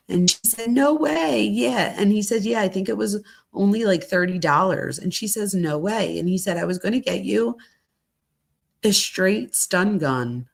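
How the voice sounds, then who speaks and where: A middle-aged woman with a low voice and plenty of vocal fry reads a string of text messages aloud. She keeps it conversational, slipping in casual asides between the quotes as a true crime host.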